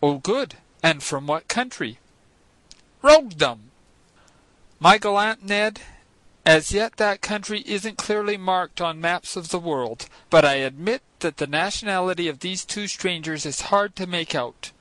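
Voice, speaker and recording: Male audiobook narrator, high bright voice, measured, dry close sound. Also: dry recording, poor audio. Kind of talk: scripted first-person narration.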